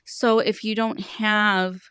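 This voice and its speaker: A woman's voice: medium pitch, little pitch movement, takes it slowly, a bit bright, clear, resonant tone, no room sound, clean studio sound. A woman in her thirties, a money coach, talking earnestly on a podcast and explaining with stories about her clients. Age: 30s. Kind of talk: podcast conversation, storytelling.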